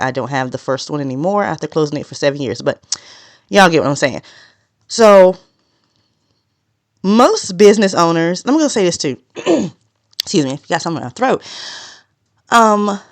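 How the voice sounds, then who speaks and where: A woman delivers a solo podcast monologue in a smooth, clear voice, recorded close and dry. She talks straight to her audience without sugarcoating. She deliberately keeps her pace measured even though she naturally tends to speak fast. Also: deep voice, no echo. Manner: direct and no-nonsense, consciously slowing a naturally fast delivery. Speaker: podcast host.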